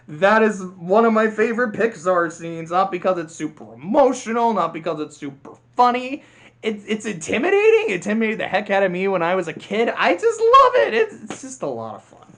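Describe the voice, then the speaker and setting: A vlogger talking straight to the camera in a casual, chatty way. The delivery is eager and animated, and the pitch swings up and down in a lively way. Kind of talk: casual chat. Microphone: camera mic.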